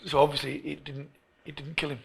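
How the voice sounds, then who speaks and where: A middle-aged English man, a football coach being interviewed, who tells stories in an animated way and often restarts his phrases. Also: on the high side, a little fast, creaky, a little hiss or hum. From England. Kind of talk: storytelling interview.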